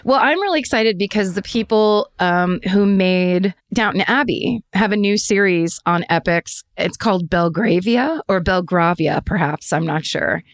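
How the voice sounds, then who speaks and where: A woman's voice: mid-range voice, measured pace, hardly any pauses, no echo. A middle-aged woman co-hosting a chatty podcast from home, telling stories with lots of laughter. Her voice sits in an ordinary middle register, and the recording is close and dry with no room sound. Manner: animated storyteller, laughs often. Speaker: podcast co-host. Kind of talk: casual chat. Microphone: remote video call.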